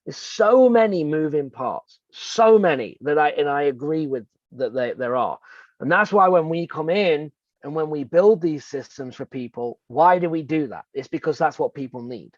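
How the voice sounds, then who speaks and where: An earnest man explains his coaching ideas with examples and questions he asks himself. His voice sits a little high for a man. The audio is dry and a bit dull, as if slightly muffled. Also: expressive, normal speed, no room sound. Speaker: real estate coach and co-host. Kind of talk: conversational coaching talk.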